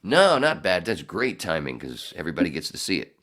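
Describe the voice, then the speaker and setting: A man's voice: low voice, sing-song, brisk, a bit bright. A middle-aged man hosting a podcast in casual chat, rambling and swearing, often laughing. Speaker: podcast host.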